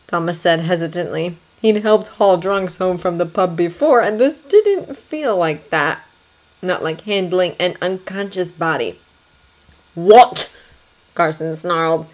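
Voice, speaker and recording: A woman reading fanfiction aloud as an audiobook, in a steady, lightly dry storytelling manner. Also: on the low side. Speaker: fanfiction reader. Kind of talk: audiobook narration.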